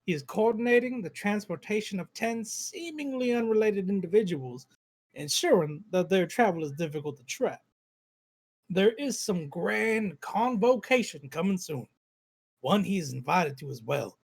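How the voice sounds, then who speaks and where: A man voicing a scheming male mind-maker trapped in a stolen body, reading his letter aloud in a put-on Southern US accent with measured, formal delivery. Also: sits high, animated, vocal fry, husky, pitched above the performer's own voice, heavily acted. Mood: formal, confiding.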